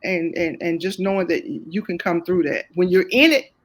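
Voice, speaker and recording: A woman's voice: fairly low pitch, a little fast. Woman guest with a Southern US accent; earnest, faith-driven, repeats lines for emphasis. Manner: heartfelt, faith-filled, repeats phrases for emphasis. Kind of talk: candid testimony in conversation.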